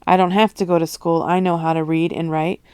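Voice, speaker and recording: A woman's voice: on the low side, little pitch movement, fairly quick, darkish tone, smooth, no echo, lightly acted. Woman doing a prickly, stubborn jungle girl. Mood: firm. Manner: emphatic, prickly. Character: stubborn wild jungle girl, blunt and wary.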